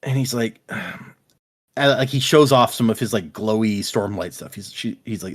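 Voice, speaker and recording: A man's voice: fairly low pitch, a little slow. A man co-hosting a casual book discussion podcast, animatedly retelling scenes and paraphrasing characters. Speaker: podcast co-host.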